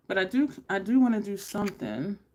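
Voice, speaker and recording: A woman's voice: mid-range voice, animated, measured pace, creaky, warm tone. A middle-aged woman, chatting casually while doing her makeup and telling stories to viewers. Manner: chatty, storytelling, addresses viewers as y'all. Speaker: beauty YouTuber.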